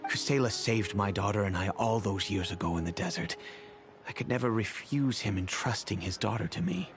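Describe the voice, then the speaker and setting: A man voicing a wealthy, kindly middle-aged father in game cutscene dialogue, telling the past in a measured, reflective way. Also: on the low side, expressive. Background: game music.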